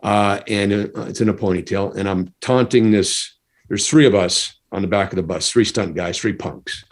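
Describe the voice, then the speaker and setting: A middle-aged man from the United States tells a story in a relaxed, chatty way, with a fairly low voice. He laughs often and breaks into the voices of the people he quotes. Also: normal speed. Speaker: guest, former stuntman. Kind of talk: casual storytelling.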